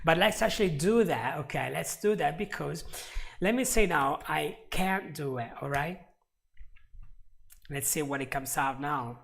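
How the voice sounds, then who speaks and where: A man teaching a live online English lesson, chatty and laughing often, repeating example phrases slowly. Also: a little high, lively intonation, vocal fry, fairly bright tone.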